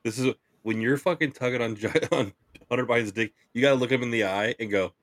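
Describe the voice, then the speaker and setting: A man's voice: mid-range voice, brisk, a little hiss or hum. A man co-hosting a podcast who rants with heat and swears freely, then laughs and jokes along. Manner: fired-up ranting, then joking and laughing. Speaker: podcast co-host. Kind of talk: casual profane chat.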